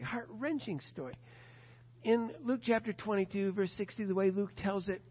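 A man with a high voice preaches with earnest repetition, dropping to a hush and then rising to emphatic declarations. His voice rings through a large hall with long reverb, heard on a dull, lo-fi recording. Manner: earnest, repetitive, swings between hushed and emphatic. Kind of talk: sermon.

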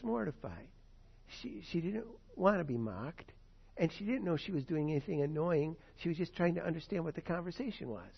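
A man's voice: high voice, gravelly, breathy edge. Conversational male preacher, dull lo-fi sound. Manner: conversational teaching with fillers, voices prayers in first person. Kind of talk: sermon.

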